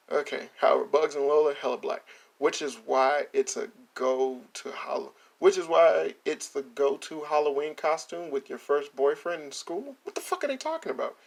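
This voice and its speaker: Animated, laughing man ranting. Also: fairly high pitch, gravelly. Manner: animated, laughs often, profane. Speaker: reaction video host. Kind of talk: casual ranting commentary.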